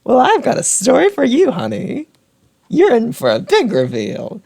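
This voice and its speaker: A man's voice: extremely high pitch, huge pitch swings, normal speed, gravelly, a little mellow, husky, pitched above the performer's own voice, heavily acted. A man voicing a campy, teasing magical creature who talks in a singsong way and keeps calling the listener honey. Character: sassy, campy magical creature summoned like a demon.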